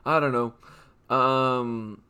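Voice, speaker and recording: A young man reading a long list of punny nicknames, drawing out each name and then tossing off quick rambling jokes. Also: mid-range voice, fairly even intonation, sharp tone, clear, resonant tone. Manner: rambling punny asides between names; drawn-out name reads with quick offhand quips. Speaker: comedy channel host.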